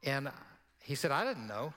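A man preaching to his church, telling a personal story in an easy, conversational way. His voice sits at an ordinary middle pitch, and he breaks into little laughs between lines. A long reverb trails off every phrase in the sanctuary. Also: very animated, a little slow, bright, forceful tone. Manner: conversational, laughing asides, acts out quoted voices. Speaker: pastor. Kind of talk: sermon storytelling.

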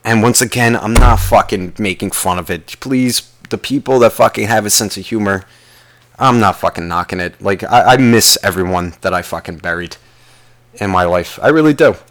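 A man's voice: lowish voice, moderate pace, fairly bright tone. Man, casual comedic rant, heavy swearing, rambling, talks to himself. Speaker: podcast host.

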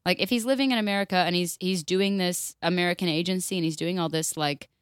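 A woman's voice: on the low side, steady tone, quick pace, clean tone, no echo, studio quality. A woman co-hosting a casual podcast, reading a story aloud and cutting in with blunt, sweary comments. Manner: blunt, sweary, laughs often. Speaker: podcast co-host.

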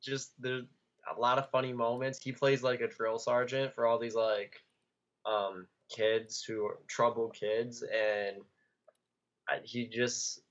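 A man's voice: medium pitch, flat delivery, takes it slowly. A young man co-hosts a podcast, rambling through his points with plenty of filler words. His voice comes through a slightly dull, lo-fi recording. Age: young adult. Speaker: podcast co-host. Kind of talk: casual chat.

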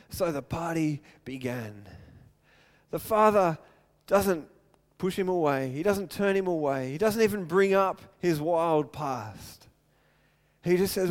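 A man's voice: fairly high pitch, expressive, takes it slowly. A male pastor preaching an earnest sermon, retelling a story and acting out its quotes.

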